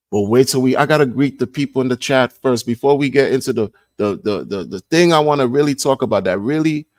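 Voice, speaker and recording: Male streamer, thirties, low and dry, loose rambling delivery that repeats itself. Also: a little mellow, dry recording. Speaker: livestream host. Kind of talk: casual livestream chat.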